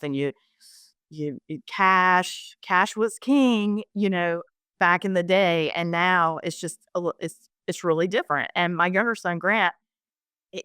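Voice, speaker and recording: Middle-aged lady host, low-ish smooth voice, rambles a bit, dry sound. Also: fairly bright tone, no room sound. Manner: chatty, storytelling, rambling. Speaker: podcast host. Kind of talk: casual interview chat.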